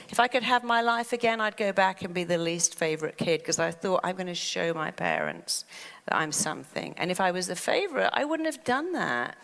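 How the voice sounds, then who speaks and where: A woman's voice: medium pitch, long reverb tail. A middle-aged woman giving a motivational talk, telling stories and acting out the voices in her head. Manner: animated storyteller who acts out inner voices. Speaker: therapist and motivational speaker.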